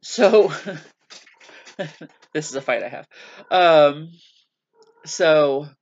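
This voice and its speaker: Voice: medium pitch, very slow, dull audio. A vlogger talking through a casual video journal, rambling and self-mocking, with many hesitations and restarts.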